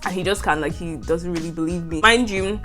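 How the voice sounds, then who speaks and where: Over soft background music, a young Nigerian woman shares a university storytime on her vlog. Her voice is lowish and fairly bright, her pace fairly quick, her English carries a Nigerian accent, and she laughs frequently as the student vlogger recounts it.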